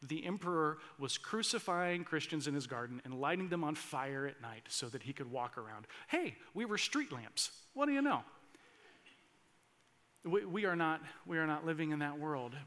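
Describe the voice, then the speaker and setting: A man delivers a sermon with earnest conviction, pressing into impassioned emphasis and often restarting his phrases. His voice sits high. It has a bright, ringing edge. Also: very animated, normal speed. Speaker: pastor.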